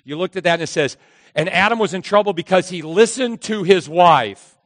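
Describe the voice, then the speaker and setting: Pastor, male, high voice, animated sermon delivery, dry close mic with a long hall tail. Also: moderate pace. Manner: animated, acts out voices of characters.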